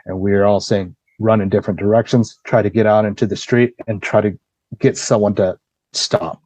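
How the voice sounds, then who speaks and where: A man's voice: fairly low pitch, normal speed, poor audio. A man on a podcast telling a long story in a casual way. He acts out what people said and swears freely. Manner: lively storyteller acting out quoted dialogue, swears freely. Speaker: podcast guest.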